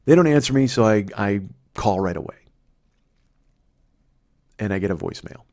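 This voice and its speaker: A man's voice: lowish voice, lively intonation, normal speed, a little mellow. A middle-aged man hosting a podcast, telling a rambling, profane comedic story in a conversational way. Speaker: podcast host.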